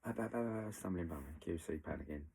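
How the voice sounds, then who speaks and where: A man's voice: low-pitched, fairly quick, vocal fry, slight background noise, low-quality recording. A man bluntly retelling events, acting out what people said and swearing freely. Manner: blunt, animated retelling with acted quotes and swearing. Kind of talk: storytelling recollection.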